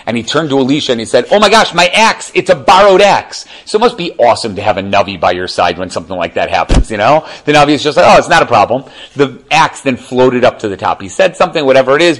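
A man's voice: a little high, low-quality recording. Man, religious teacher, loose storytelling delivery, keeps asking the group if they follow. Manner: chatty, animated, checks in with listeners. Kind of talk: casual storytelling lesson.

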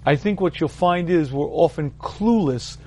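A man delivering a Torah ethics class in a steady, explanatory way. His voice sits slightly high for a man, and he keeps clearing his throat between points. He repeats key words to press them home. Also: a little slow. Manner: explanatory, leans on repetition for emphasis. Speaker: Torah teacher.

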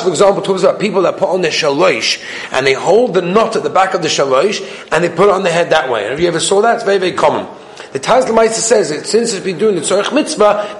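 High-voiced man chanting a Talmud lesson. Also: fairly bright tone. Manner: singsong study chant, mixing Hebrew and English. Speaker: Talmud teacher. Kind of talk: Talmud class lecture.

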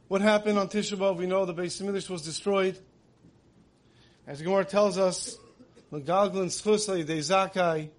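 A man giving a conversational sermon, asking rhetorical questions and weaving in many Hebrew terms. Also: sits high. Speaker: religious speaker.

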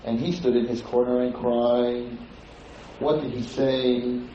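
A man's voice: mid-range voice, little pitch movement, takes it slowly, warm tone, slight background noise. Man lecturing from far off in an echoey room. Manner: retells the story with quoted speech and chants some lines. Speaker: lecturer teaching liturgy. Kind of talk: lecture with dramatic storytelling. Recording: very echoey room, distant mic, dull lo-fi sound.

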